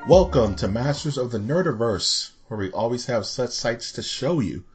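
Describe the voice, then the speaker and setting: A man's voice: mid-range voice, animated, moderate pace, music in the background. A man hosting a casual podcast, joking around and dropping movie references. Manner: playful, jokey, full of movie references. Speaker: podcast host.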